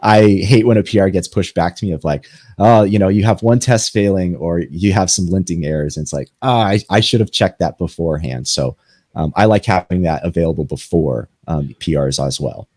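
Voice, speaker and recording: A man giving a relaxed, conversational tech presentation and answering panel questions. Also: low voice, a little fast, no echo. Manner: relaxed, conversational explainer with fillers. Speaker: presenter from a software company. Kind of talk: conference pitch and panel Q&A.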